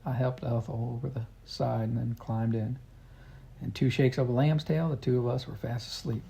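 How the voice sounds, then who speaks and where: A man's voice: mid-range voice, fairly even intonation, normal speed, creaky, dark tone, a little hiss or hum. A man narrating a storybook in an earnest first-person way. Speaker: audiobook reader.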